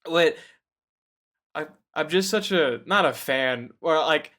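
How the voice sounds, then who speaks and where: A man hosting a casual podcast chat, retelling a book with swearing, jokes and loud mocking voices for the characters. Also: fairly high pitch, lively intonation, slow. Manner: profane, jokey retelling with loud mock voices. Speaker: podcast host.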